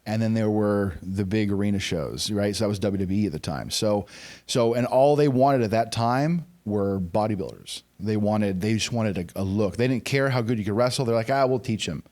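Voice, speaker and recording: A man's voice: on the low side, normal speed, darkish tone. A man in his forties, a former pro wrestler, chatting as a podcast guest and telling candid, self-deprecating stories with frequent restarts. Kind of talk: casual podcast chat.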